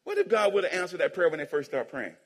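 A man's voice: high voice, lively intonation, quick pace. A man preaching a playful sermon as pastor, joking with the congregation and calling for amens. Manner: playful preaching, calls for amens and jokes with the crowd. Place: church sanctuary. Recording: long hall reverb in a church.

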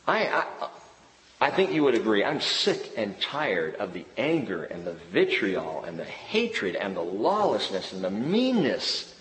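A man's voice: mid-range voice, big pitch swings, moderate pace, reverberant, long reverb tail, low-quality recording. A middle-aged man, a pastor preaching a sermon with jokes and family stories.

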